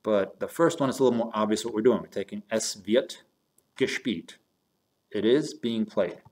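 A man's voice: lowish voice, moderate pace, a little mellow. A man teaching German grammar in a recorded lesson, going step by step between German and English phrases and talking to his students as "you guys".

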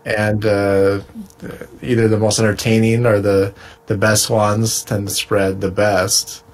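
A man's voice: lowish voice, flat delivery, slow pace. A young man co-hosting a podcast, chatting casually and explaining ideas in an easygoing way. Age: young adult. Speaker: podcast co-host. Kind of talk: casual comedic chat.

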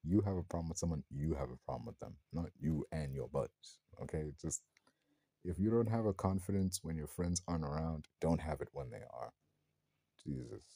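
A man with a deep, slightly husky voice talks through a film review in a loose, rambling way, with plenty of slang and swearing. His tone is mellow and relaxed, and the sound is dry and close. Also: brisk, no room sound. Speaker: movie reviewer. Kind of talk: casual spoken film review.

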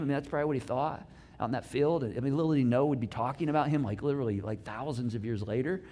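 Speaking fast in a mid-range voice, a middle-aged male pastor delivers a relaxed, conversational sermon. His storytelling is animated, full of playful asides and abrupt shifts in volume.

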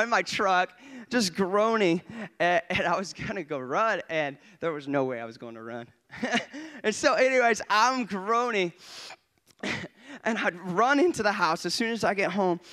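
Guest preacher, male, very high voice; moves between soft storytelling and shouted fervent preaching in a church. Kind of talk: sermon. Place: church sanctuary.

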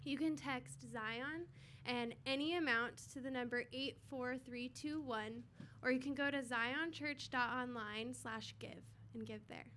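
A woman's voice: high-pitched, fairly even intonation, unhurried, fairly bright tone, a little hiss or hum. A woman giving a casual, rambling testimony and prayer before a church offering, full of fillers.

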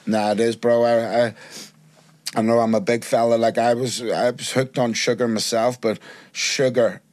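A man hosting a relaxed podcast conversation in a mid-pitched voice. He talks with emphatic conviction, leaning into his points and checking in with his listener. His tone is that of a loose, friendly chat. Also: normal speed. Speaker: podcast host.

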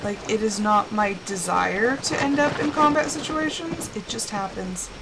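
A woman's voice: medium pitch, moderate pace, very noisy. A woman streaming a game live, chatting with viewers and breaking into dramatic, exasperated outbursts. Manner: chatty asides to chat. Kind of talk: live gameplay chat with viewers.

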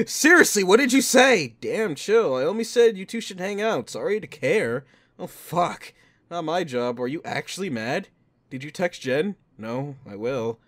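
Slow-talking, laughing gamer man. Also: fairly high pitch. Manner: laughs often, swears freely, reads messages aloud in a flat voice. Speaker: gaming YouTuber. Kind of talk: casual let's-play commentary, reading in-game text messages aloud.

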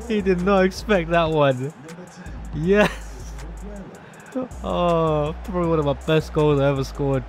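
A young man, commentating his own football video game matches and swinging between low mutters and shocked shouts. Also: animated, measured pace, soft background music. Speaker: gaming YouTuber. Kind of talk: live gameplay commentary.

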